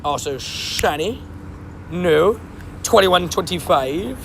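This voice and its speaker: High, gravelly chatty male streamer. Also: expressive, slow, a bit bright, slight background noise. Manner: chatty, rambling, laughs easily. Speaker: live-stream host. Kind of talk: casual live-stream chat.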